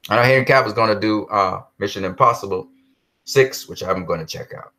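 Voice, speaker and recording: A man with a lowish, bright, forceful voice speaks fairly quickly while hosting a live stream. His tone is casual and heated; he repeats himself, speaks straight to viewers, and reads and responds to their chat messages.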